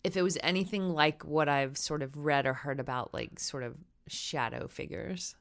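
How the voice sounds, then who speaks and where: Female podcast guest, low voice, relaxed chat. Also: moderate pace, vocal fry. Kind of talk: casual chat.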